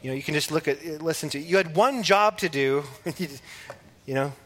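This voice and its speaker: A preacher teaching from the Bible in a relaxed, conversational way, with small laughs and restarts. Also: male voice, a little high, moderate pace, a little hiss or hum.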